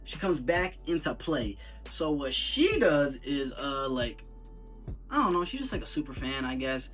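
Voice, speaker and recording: A young man giving a casual, rambling movie review full of slang, talking in an animated, incredulous way. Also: on the high side, measured pace, recorded from a distance, soft background music.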